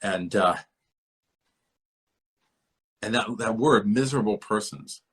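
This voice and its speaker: A man hosting a podcast speaks slowly in a husky voice on the low side. Over a remote call he rambles and lectures about a book at length, repeating himself while thinking aloud.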